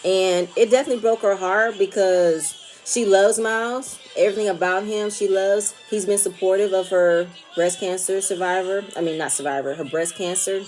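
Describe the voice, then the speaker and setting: A woman's voice: medium pitch, fairly even intonation, moderate pace, hardly any pauses, a little mellow, soft background music. A young woman giving casual commentary on a reality show, rambling and restarting phrases, emphatic and opinionated. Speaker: reality TV recap vlogger.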